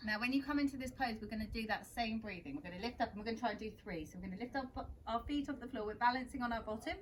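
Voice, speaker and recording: A young woman leads a children's yoga session in a gentle, encouraging way. Her voice sits slightly high. A faint hum of background noise runs underneath. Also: rapid-fire. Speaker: kids yoga teacher. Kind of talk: guiding a children's yoga class.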